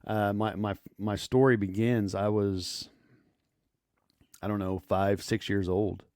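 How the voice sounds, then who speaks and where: A man in his forties from southeastern Kansas, calmly introducing his paranormal story with frequent "uh" fillers. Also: lowish voice, slow, dry recording, studio quality. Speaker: guest storyteller. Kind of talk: casual spoken storytelling.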